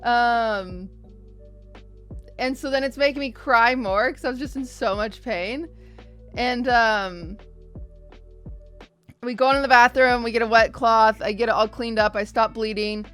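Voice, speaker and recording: A young woman streamer telling her chat a story in a casual, animated way, often restarting and repeating words. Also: a little high, a little slow, long pauses, faint music behind.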